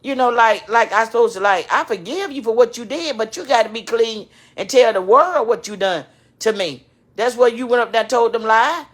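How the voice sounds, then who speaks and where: A woman's voice: on the high side, normal speed. A woman, tearful, talking straight to her viewers in an emotional, repetitive, preachy rant. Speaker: vlogger addressing her channel. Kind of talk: emotional live-stream rant.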